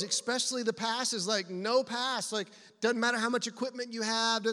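A man preaching a sermon, telling personal stories in an animated, conversational way. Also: extremely high pitch, moderate pace. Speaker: pastor. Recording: long reverb of a large hall.

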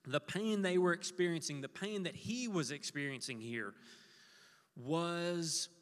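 A man's voice: on the high side, measured pace, clear, resonant tone, in a large hall. A man preaching an earnest sermon as pastor, leading his congregation to repeat a verse with him. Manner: earnest, leads congregation in call-and-response.

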